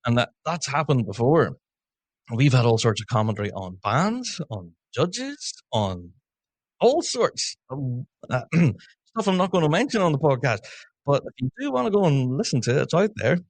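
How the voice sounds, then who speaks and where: A man's voice: medium pitch, sing-song, no echo. Brief: male podcast host, chatty and laughing, dry close studio sound. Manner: chatty, laughs often, quick asides. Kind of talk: casual chat.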